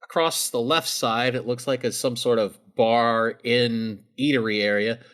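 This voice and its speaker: A man narrating a tabletop role-playing game as game master, describing scenes in a relaxed, casual way. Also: medium pitch, measured pace, smooth.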